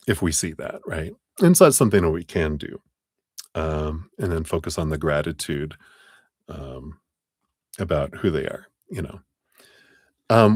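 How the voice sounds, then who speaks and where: Deep-voiced man reading tarot live. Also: dry recording, studio quality. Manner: chatty, laughs often, acts out voices in quotes. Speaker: tarot reader.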